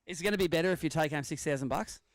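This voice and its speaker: A man's voice: a little high, very fast, dry recording. A man with an Australian accent hosting a live fishing weigh-in outdoors, chatty and joking as he reads out weights and standings. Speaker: weigh-in emcee.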